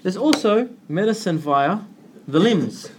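A man giving an informal religious lesson, slipping into a story and acting out both sides of an argument. His voice sits a little high and he laughs easily. A faint hiss of room noise runs under him. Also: measured pace. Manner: animated storytelling, acts out dialogue, laughs often. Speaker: religious teacher giving a talk.

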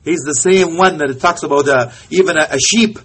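A man preaching a storytelling sermon in a high, husky voice. He speaks with passion, often sinks to a near-hush, and mixes Arabic phrases into his English. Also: brisk.

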